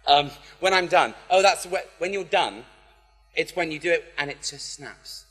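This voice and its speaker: Man, bright voice, lively storytelling talk, long hall reverb, faint music behind. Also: fairly high pitch, a little slow, slightly rough. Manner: animated, acts out voices in his story. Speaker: poet and speaker. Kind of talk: storytelling talk to a live audience.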